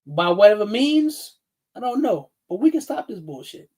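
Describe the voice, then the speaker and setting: A man's voice: high voice, sing-song, moderate pace, darkish tone, breathy edge. A man, ranting bluntly and profanely on a casual livestream. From New York City. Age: 50s. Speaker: livestream host.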